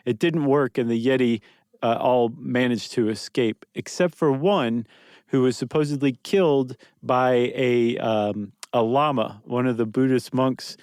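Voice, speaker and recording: A man's voice: mid-range voice, a little mellow, no room sound, studio quality. A man co-hosting a podcast in casual chat, explaining things wryly and teasing his partner. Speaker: podcast co-host.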